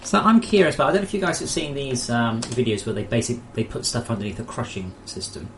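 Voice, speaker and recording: A man's voice: mid-range voice, lively intonation, fast talker, a little hiss or hum. Young man rambling while streaming. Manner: rambling, muttering thoughts aloud to himself. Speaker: game developer streaming his work. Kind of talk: casual live-stream chat. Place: at home with his cat. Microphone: desk microphone.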